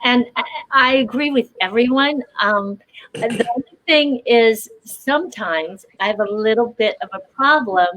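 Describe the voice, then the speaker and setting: A woman's voice: a little high, a little slow, a bit bright, rough recording. A woman actor on a festival panel, chatty and self-deprecating, with many hesitant fillers. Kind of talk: panel discussion.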